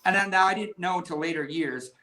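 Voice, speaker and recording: A magician guest telling a lively story in casual conversation, with many restarts. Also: male voice, high voice, a little fast.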